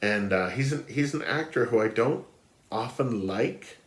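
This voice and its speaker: A man's voice: mid-range voice, expressive, a little slow, echoey room. A man reviewing films in casual, rambling talk full of fillers and restarts, sounding stuffy and nasal. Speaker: film blogger ranking films. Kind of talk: casual spoken film review.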